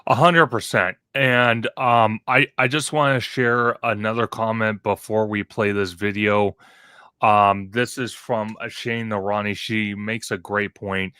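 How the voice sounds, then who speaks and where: Male streamer co-host, bright, dry sound, chatty. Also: on the low side, steady tone, a little slow, smooth, no room sound. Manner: chatty, lots of fillers, reads out viewer comments. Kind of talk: casual live-stream chat.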